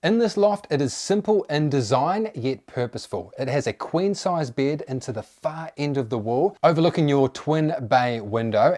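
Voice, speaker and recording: A man's voice: medium pitch, darkish tone. A man hosting a tiny home tour vlog, chatty and upbeat as he walks through the rooms. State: a little out of breath.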